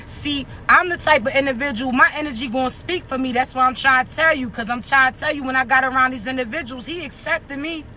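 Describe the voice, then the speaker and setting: Raspy, high-voiced Maryland woman. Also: fast talker, few pauses, pushed and bright, slight background noise. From Maryland, United States. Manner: blunt, profane, streetwise, keeps asking "you understand me?". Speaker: motivational social media creator. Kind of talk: casual motivational talk to camera.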